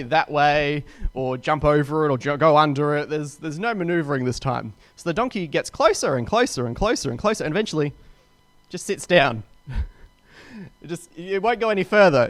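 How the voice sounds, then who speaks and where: A young pastor with a high-pitched, fairly bright voice retells a Bible story casually and chattily, slipping into quick voices for the characters. There's no echo.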